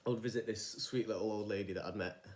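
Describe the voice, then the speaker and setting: A man's voice: fairly low pitch, steady tone, quick pace. A young man talking casually in a podcast-style monologue, rambling and often wandering off track. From England. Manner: rambling, digressive, many restarts and fillers. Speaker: vlogger.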